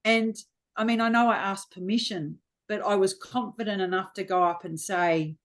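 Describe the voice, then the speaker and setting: A woman's voice: mid-range voice, moderate pace. A middle-aged Australian woman, a frank, chatty guest telling stories in a casual interview. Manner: frank, chatty storyteller acting out quotes.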